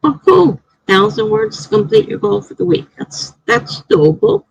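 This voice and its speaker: A woman chats casually on her live stream from home, rambling from one thing to the next and laughing often. Her voice sits a little high and has a husky, raspy edge. The sound is close and dry. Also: big pitch swings, measured pace, dry recording, rough recording. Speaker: writer hosting a live stream.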